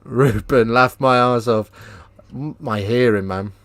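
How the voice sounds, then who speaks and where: A man hosting a live rugby watchalong, chatting casually with viewers and breaking into excited play-by-play. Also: mid-range voice, a little slow, no room sound. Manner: casual, banters with live chat, lifts into excited play-by-play on tries. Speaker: watchalong host. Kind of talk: live watchalong commentary and chat.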